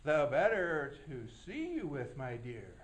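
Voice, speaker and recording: A man voicing a sly, hungry big bad wolf who talks in a slow, growling, drawn-out way. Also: fairly high pitch, huge pitch swings, pitched below the performer's own voice. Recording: echoey room.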